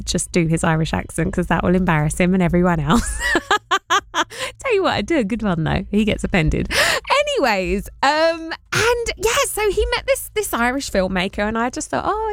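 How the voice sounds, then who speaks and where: Woman radio host, bright animated pitch, dry close sound, chatty and laughing. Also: dry recording. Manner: chatty, bubbly, laughs often. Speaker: radio presenter. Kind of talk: live radio chat. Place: radio studio.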